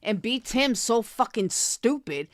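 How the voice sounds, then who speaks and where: A woman's voice: on the high side, lively intonation, measured pace, no echo, studio quality. A woman commentary creator delivering a profane, contemptuous callout rant, confrontational throughout. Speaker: commentary YouTuber.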